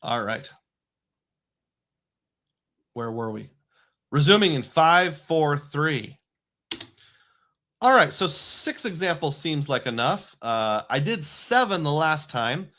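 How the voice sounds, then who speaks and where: A man's voice: fairly high pitch, very animated, slow pace, long pauses, sharp tone. A middle-aged man hosting a casual live stream, chatting loosely and reading viewer comments aloud. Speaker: livestream host.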